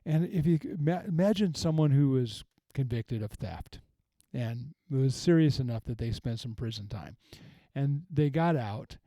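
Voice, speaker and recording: A middle-aged man, a pastor hosting a podcast, teaching earnestly and reflectively in a relaxed conversation, often restarting his sentences. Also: mid-range voice, moderate pace, hardly any pauses, no echo. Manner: earnest, reflective, with frequent restarts and retold quotes.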